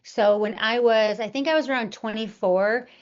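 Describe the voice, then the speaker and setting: A woman's voice: on the high side, moderate pace. A woman being interviewed, telling her personal story earnestly, with many fillers and restarts. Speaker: interview guest. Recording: dull lo-fi audio.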